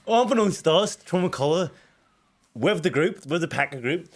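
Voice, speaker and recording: A man's voice: on the high side, animated, normal speed. A young male boxer co-hosting a podcast, telling a story in casual chat and laughing often.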